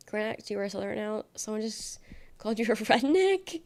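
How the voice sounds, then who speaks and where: Gravelly-voiced woman chatting on a livestream. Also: mid-range voice, big pitch swings, a little fast, a little mellow. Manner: rambling, sarcastic, reacts to chat. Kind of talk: casual chat reading viewer comments.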